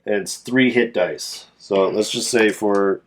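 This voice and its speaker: A man's voice: lowish voice, slow, a little hiss or hum. A man casually narrating and playing a solo tabletop game as game master, thinking aloud as he rolls dice.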